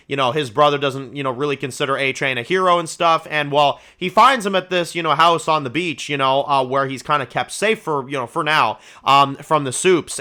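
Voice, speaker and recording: A man hosting his own review channel, talking through a show in a casual, rambling, excitable way, with lots of swearing and "you know"s. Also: a little high, clean tone.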